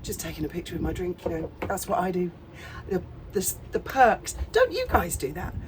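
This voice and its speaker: Middle-aged woman, sarcastic swearing commentary, animated up-and-down voice, noisy background. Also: lowish voice, normal speed, distant mic. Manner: sarcastic, profane, laughing asides. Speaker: commentary channel host. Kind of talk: casual commentary.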